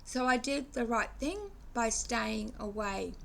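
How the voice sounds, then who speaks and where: A woman's voice: on the high side, animated, slow pace, gravelly, fairly bright tone, slight background noise. An English woman in her sixties giving an earnest, rambling reflective monologue for her vlog, restarting sentences as she moralizes. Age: 60s. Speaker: vlogger.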